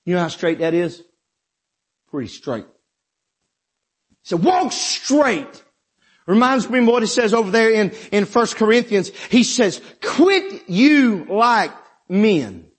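A male preacher with a South Georgia accent delivering a sermon, swinging from shouted exhortation to low asides. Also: animated, a little slow, long pauses, breathy edge. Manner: emphatic, rising to shouts then dropping low.

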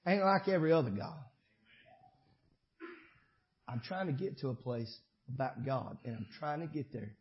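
A man preaching a sermon as pastor, shifting between shouted climaxes and quiet conversational asides. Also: medium pitch, brisk, few pauses, muffled recording.

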